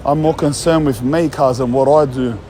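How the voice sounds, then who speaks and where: A man's voice: mid-range voice, fairly even intonation, moderate pace, dark tone, slight background noise. A young Australian man ranting casually in a blunt, heated, mocking way, swearing often. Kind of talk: casual rant.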